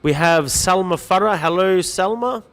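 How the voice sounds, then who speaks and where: Male livestream host, friendly and chatty, slightly raised pitch, long hall echo on the track. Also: normal speed, fairly bright tone. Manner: chatty, greets viewers by name, light joking. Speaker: livestream host reading viewer comments. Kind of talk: upbeat live-stream chat.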